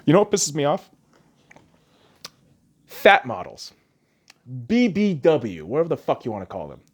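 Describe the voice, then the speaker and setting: A man's voice: a little high, wildly swooping pitch, normal speed. A man hosting a podcast, ranting crudely and heatedly with heavy swearing. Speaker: podcast host. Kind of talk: profane podcast rant.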